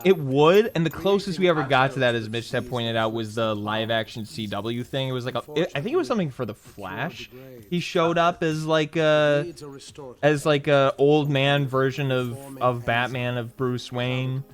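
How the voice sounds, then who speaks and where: A man's voice: medium pitch, normal speed. A man chatting on a game stream, rambling loosely and swearing casually.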